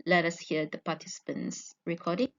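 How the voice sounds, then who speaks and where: Woman, student presenter, academic talk, measured explaining, dull lo-fi recording. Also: on the low side, level tone, creaky, a bit bright.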